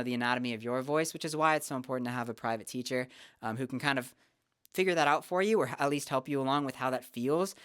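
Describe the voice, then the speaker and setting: A young adult vocal teacher, calmly explaining singing technique step by step in a casual lesson. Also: mid-range voice, clean tone, no echo, studio quality. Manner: relaxed, explanatory, talks through technique step by step.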